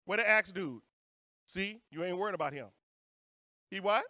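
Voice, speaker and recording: A man with a New Orleans accent emcees a conference, hyping up the live audience with playful, joking banter. His voice sits high, pushed and bright, at normal speed, in a studio-quality recording with no echo.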